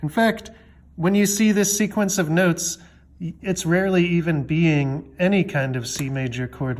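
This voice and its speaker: Guy teaching music theory, kinda high voice, chatty and jokey, lots of ums. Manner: chatty, loose, with fillers and jokey asides. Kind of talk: casual explanatory lesson.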